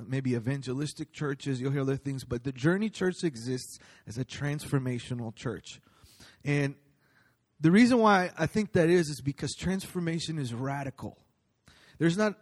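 A man's voice: on the high side, darkish tone. A man speaking at a church, giving a casual sermon in a conversational, storytelling way with many ums and restarts.

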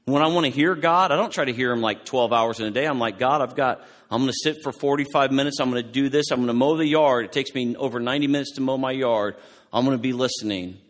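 A man preaching in a loose, animated, conversational way, often restarting his sentences. His voice sits in the middle of the male range. It rings out with the long reverb of a large hall. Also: medium pitch, fast. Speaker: pastor. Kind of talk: sermon.

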